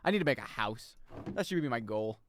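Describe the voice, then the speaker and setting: A young man giving casual, jokey commentary as he plays a video game, swearing and breaking into loud high-pitched yells. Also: animated, brisk, dry recording. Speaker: streamer.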